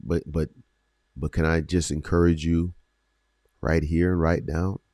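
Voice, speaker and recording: A man hosting a faith podcast, speaking earnestly with repeated phrases and slow, emphatic pauses. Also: rumbling low, flat delivery, darkish tone, no echo, clean studio sound. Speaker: podcast host. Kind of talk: encouraging faith podcast talk.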